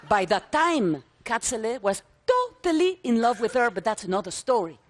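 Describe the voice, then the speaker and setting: A woman in her sixties performs a story on stage. She is theatrical and emphatic, piling up vivid lists and repeating words for effect. Her intonation leaps about a great deal, in a slightly high voice. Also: sing-song, normal speed, few pauses, a little hiss or hum. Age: 60s. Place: conference stage before a live audience.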